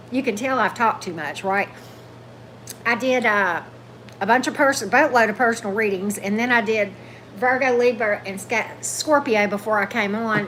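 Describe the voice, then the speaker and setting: With a fairly bright tone that's starting to go hoarse from long talking, a chatty woman hosts a tarot livestream from her home table. She reads and thanks viewers' comments and calls to her dog in a high, coaxing voice. Faint room noise sits in the background.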